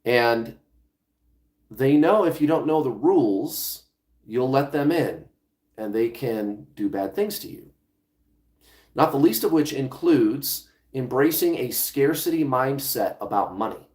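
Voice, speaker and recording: A man's voice: medium pitch, lively intonation, slow, darkish tone. A man talking as a law of attraction coach in a casual vlog monologue, conversational, restarting phrases and swearing now and then. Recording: echoey room.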